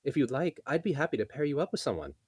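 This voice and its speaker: A man putting on a sing-song elf woman from a read-aloud fantasy novel, chatty and flirtatious. The voice is pitched well above his own and lilts up and down. It sounds close and dry, with a slight husk. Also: very animated, fast, darkish tone, slightly rough, no echo.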